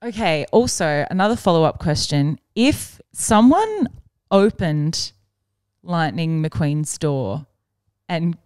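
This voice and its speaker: A woman's voice: deep voice, animated, slow pace, darkish tone, smooth, no room sound, studio quality. A woman, co-hosting a comedy podcast, telling stories and laughing often. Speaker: podcast co-host. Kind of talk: casual storytelling chat.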